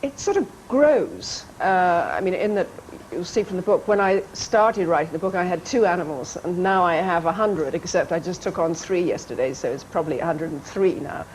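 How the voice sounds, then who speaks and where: A woman with a fairly low voice tells amused anecdotes as a guest on a television chat show, slipping into playful voices when she quotes people. The archive broadcast sound carries a faint steady background noise. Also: normal speed, few pauses, low-quality recording. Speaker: actress and guest. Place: TV studio.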